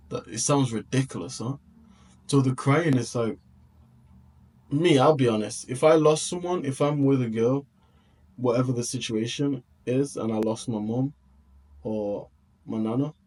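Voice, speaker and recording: A man's voice: medium pitch, husky. Reflective reaction host, heartfelt, repeats himself as he thinks aloud.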